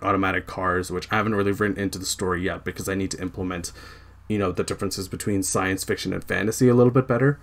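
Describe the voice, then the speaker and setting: A young man from Canada, a podcast host, chatting casually about his novel and often correcting himself mid-sentence. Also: low voice. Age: young adult. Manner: rambling, frequent self-corrections and fillers.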